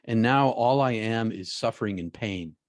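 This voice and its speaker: A man, a guest in an interview, telling a personal story in a halting way, often repeating his words. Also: on the low side, no echo, clean studio sound.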